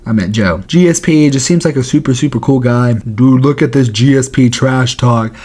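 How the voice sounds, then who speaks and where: A man's voice: mid-range voice, normal speed, darkish tone. A man hosting a casual video countdown, talking in a slangy, joking way. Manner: slangy and jokey. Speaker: YouTube host. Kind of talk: casual commentary.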